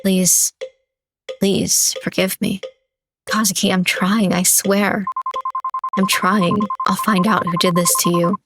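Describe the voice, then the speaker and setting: A woman's voice: medium pitch, little pitch movement, slow, long pauses, music in the background. A woman voicing a guilt-ridden young widow who begs for forgiveness. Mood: pleading. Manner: pleading, apologetic.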